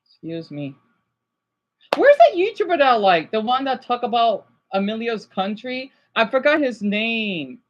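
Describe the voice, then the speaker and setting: A man livestreams rambling reaction commentary, agitated and overwhelmed, stammering, restarting and apologizing frequently under evident stress. His extremely high, sing-song voice is unhurried, and the recording sounds lo-fi.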